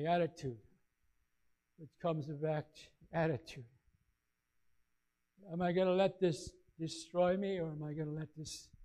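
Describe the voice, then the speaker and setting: High voiced guy preaching, gets loud then quiet, storytelling pastor. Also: poor audio. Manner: storytelling preacher, dynamic swings in loudness and pitch. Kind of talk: sermon.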